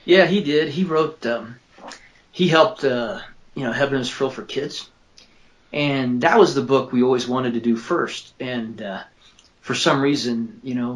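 A man in his fifties, an author and father, telling a personal story in an earnest, halting way that repeats words when he is moved. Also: medium pitch. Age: 50s. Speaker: author and father interviewed about his book. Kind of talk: emotional personal storytelling in an interview. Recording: roomy echo.

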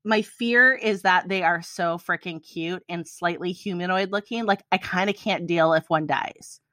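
A woman in her thirties from the United States co-hosts a podcast, spinning a long story in casual chat. She speaks in a fairly low voice. Her delivery is loose and chatty, broken up by fits of wheezing laughter, and the sound is dry and close. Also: moderate pace, sharp tone, dry recording. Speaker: podcast co-host.

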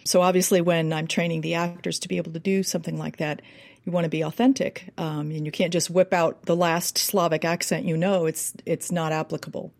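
A woman's voice: fairly low pitch, flat delivery, fairly quick, gravelly, a little mellow, no room sound. An American woman who works as an accent and dialect coach, explaining at length in an interview and demonstrating speech sounds as she goes. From United States.

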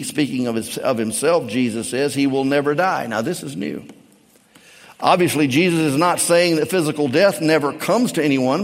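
A male pastor preaching a sermon, swinging from quiet, low reflection up to shouted climaxes. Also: in a large hall. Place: church sanctuary.

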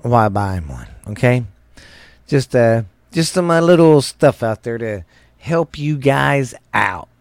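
A man's voice: mid-range voice, darkish tone, smooth, no echo. A middle-aged man hosting a show, rambling casually through a countdown with crude jokey asides. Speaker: show host. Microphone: studio microphone.

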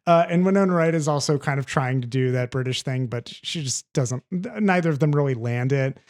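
A man co-hosting a film podcast in casual chat, animated and rambling, swearing freely. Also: mid-range voice, fairly quick. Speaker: podcast co-host reviewing films.

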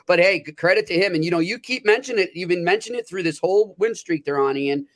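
A man with a North American accent and a somewhat high voice chats casually as a co-host. He often restarts his sentences, repeating a word or two before getting going. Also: fast, a bit bright. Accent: North American English. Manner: hesitant, repeats words when starting sentences. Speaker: podcast co-host. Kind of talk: casual sports betting chat.

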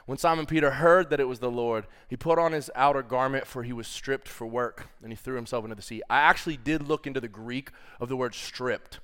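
A man's voice: mid-range voice, brisk, hardly any pauses, fairly bright tone, clear, resonant tone. A man preaching a sermon, casual and playful, calling the congregation y'all and reading scripture aloud. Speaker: pastor.

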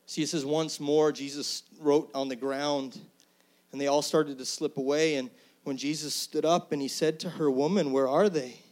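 A middle-aged man, a pastor, preaching an earnest, conversational sermon that swings between soft, hushed lines and loud, emphatic ones. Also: fairly high pitch, fairly even intonation, moderate pace.

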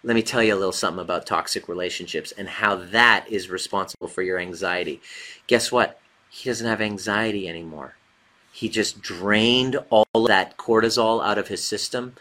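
Low-voiced emphatic male coach. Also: moderate pace, pushed and bright. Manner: emphatic, repeats key points. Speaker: relationship coach. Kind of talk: casual motivational talk.

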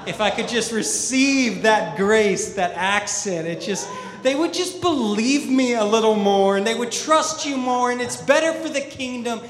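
A man's voice: high-pitched, animated, moderate pace. A man from the American Midwest preaching a sermon as pastor, upbeat, joking and conversational with his church. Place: church auditorium. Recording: echoey hall with long reverb.

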